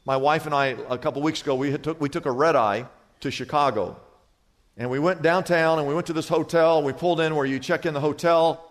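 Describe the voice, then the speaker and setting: Male pastor, high-pitched, storytelling sermon style, reverberant church hall. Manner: storytelling, animated with humor.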